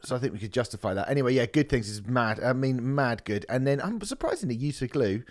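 A man hosting a casual music podcast, animated and sweary. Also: medium pitch. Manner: animated, swearing, fast asides. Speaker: podcast host.

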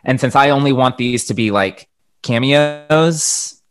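A man co-hosting a podcast in casual chat, expressive and playfully dramatic. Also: medium pitch, measured pace, smooth. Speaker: podcast co-host.

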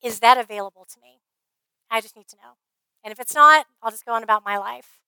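A woman speaker at a conference, telling her faith story in an earnest, heartfelt way, often trailing off softly. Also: on the high side, fast talker, clean tone, no room sound, low-quality recording. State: briefly emotional. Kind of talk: faith testimony talk.

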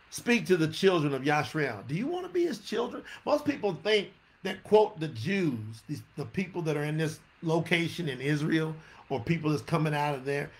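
A man with a high voice preaches a sermon. He keeps asking his listeners questions and mixes in casual slang. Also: vocal fry. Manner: animated, talks straight to listeners with questions.

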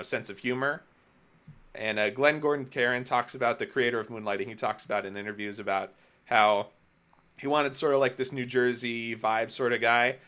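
A man co-hosts a podcast, chatting casually about films with rambling enthusiasm and plenty of fillers. His mid-range voice sounds pushed and bright.

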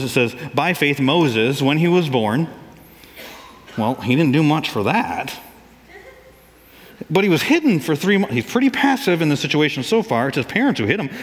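In a large hall, a pastor with a medium-pitched voice preaches in a casual, animated way. He acts out the people he quotes, raising his voice for them.

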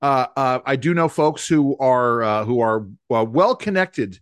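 A man's voice: mid-range voice, a little slow, clean tone, no room sound, studio quality. A man co-hosting a casual political podcast, jokey and playful with voices. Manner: jokey, animated, plays with voices. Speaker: podcast co-host.

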